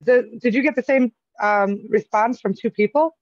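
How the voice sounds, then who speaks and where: A woman with a raspy, gravelly, smoky voice and a Long Island accent, co-hosting a casual chat and laughing often. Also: on the high side, moderate pace, dry recording, dull audio. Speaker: podcast co-host.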